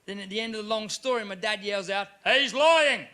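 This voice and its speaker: Australian male stand-up, high bright voice, animated, faint crowd noise from a live venue. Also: fast talker. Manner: animated, jumps into loud character voices. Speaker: stand-up comedian. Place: comedy club stage.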